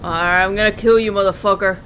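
A woman's voice: medium pitch, fairly even intonation, fast, fairly bright tone, a little hiss or hum. A young woman commenting on a horror game she plays, blunt and sarcastic, swearing as she reacts. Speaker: gamer playing a horror game. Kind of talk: let's play commentary.

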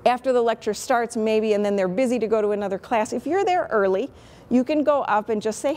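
Woman, 50s, Chicago accent, university lecturer; frank, self-deprecating, conversational; slightly high voice, faint noise behind. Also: fairly quick, a little mellow. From Chicago, USA. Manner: candid, chatty, self-deprecating. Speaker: microbiology professor. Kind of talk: teaching talk on lecturing.

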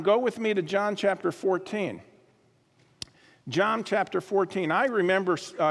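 A man preaching a sermon as pastor, emphatic, repeating key phrases and dropping into quiet asides. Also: high-pitched. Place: church sanctuary. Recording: long hall reverb.

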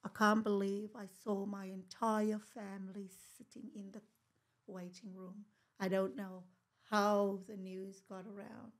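A woman's voice: mid-range voice, flat delivery, a little slow. An Australian woman, a podcast guest, telling a painful personal story and often sinking to a near whisper at the hardest moments.

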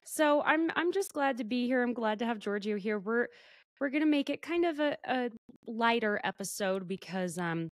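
A woman's voice: fairly high pitch, lively intonation, moderate pace, dry recording, studio quality. Chatty woman host with a slight cold. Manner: chatty, laughing often. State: under the weather, sore throat. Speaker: podcast host. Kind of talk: casual chat.

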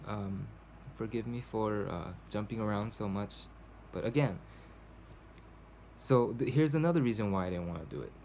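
This man is a vlogger making a casual video journal in a cold home, rambling to the camera with frequent fillers and restarts. His lowish voice is gravelly and darkish, moving at a moderate pace, and a little hiss or hum is present.

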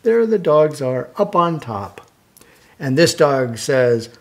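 Reading a children's picture book aloud, an older man with a slightly high voice goes slowly but keeps it lively. Along the way he stops to put questions to the young listeners.

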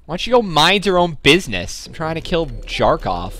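A young man hosts a let's-play video with sarcastic, joking running commentary. His voice is bright and forceful, with lively, animated swings in pitch. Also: normal speed. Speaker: gaming video host.

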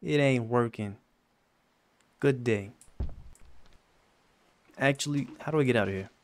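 A man hosting a gaming channel, giving casual commentary on a horror game and yelping high when he gets scared. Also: unhurried. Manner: talks to game characters jokingly.

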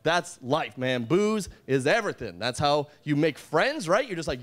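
A young man doing a stand-up set on a comedy club stage, from Calgary, talking in an animated way and breaking into loud shouts for the characters he quotes. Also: sits high, a little fast, hardly any pauses. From Calgary, Canada.

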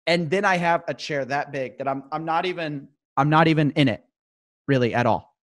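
A man's voice: on the high side, normal speed, fairly bright tone, no room sound, clean studio sound. A young man hosting a casual comedic chat, playfully enthusiastic and joking. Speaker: host.

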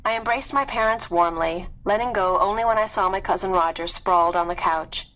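A woman reading a story aloud in a clear, steady storytelling manner. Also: mid-range voice, fairly quick, low-quality recording. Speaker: read-aloud narrator.

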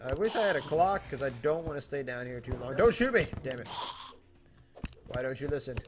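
A young man giving jokey, animated commentary as he plays a video game, talking to the game and to his viewers, a little tipsy. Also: mid-range voice, brisk, noisy background. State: tipsy from drinking. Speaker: gaming YouTuber. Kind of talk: let's play commentary. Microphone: desktop mic without pop filter.

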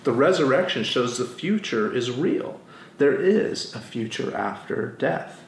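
Pastor preaching in a roomy church. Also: male voice, medium pitch, unhurried, gravelly, slight background noise. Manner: animated storytelling, acts out quotes. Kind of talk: sermon. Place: church sanctuary. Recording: roomy church with faint ambience.

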